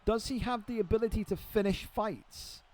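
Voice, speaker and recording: Young man, excitable play-by-play game caster, swears freely, slightly high voice. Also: normal speed, background noise. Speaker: esports fight commentator. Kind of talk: live play-by-play game commentary.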